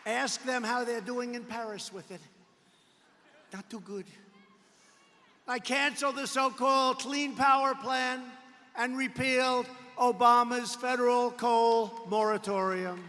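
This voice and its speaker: A man giving a boastful, repetitive rally speech full of mocking asides and sudden bursts of shouting. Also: very high voice, steady tone, a little slow, a little hiss or hum. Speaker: politician addressing a campaign rally. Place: large indoor arena rally. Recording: long arena reverb.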